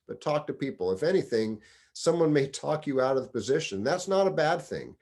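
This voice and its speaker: A man's voice: fairly high pitch, very animated, a little fast, darkish tone. A middle-aged man, a deputy fire chief, giving career advice in a conversational, storytelling way. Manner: conversational storyteller, acts out quoted dialogue. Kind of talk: casual advice talk.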